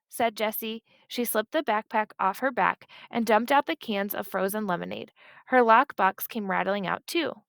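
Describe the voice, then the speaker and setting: A woman narrating a children's book in a steady, expressive storytelling manner, close to the mic. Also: medium pitch, normal speed, vocal fry, dry recording. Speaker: audiobook reader.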